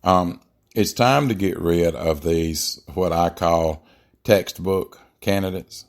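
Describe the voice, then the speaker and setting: A man with a very low voice delivers a blunt political monologue as a podcast host. He talks emphatically, and fillers and restarts break up his sentences. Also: takes it slowly.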